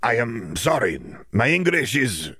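A man voicing a serious foreign student who speaks slow, careful, halting English. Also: medium pitch, very animated, creaky, fairly bright tone, no echo, clean studio sound, voice pushed up, exaggerated voice. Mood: earnest. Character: brooding teenage boy, foreign student, formal.

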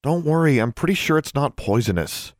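A man's voice: fairly high pitch, expressive, fairly quick, no room sound, clean studio sound, voice pushed up, lightly acted. A man doing an earnest teenage witch girl. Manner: earnest and direct. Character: teenage girl student witch, stubborn but kind.

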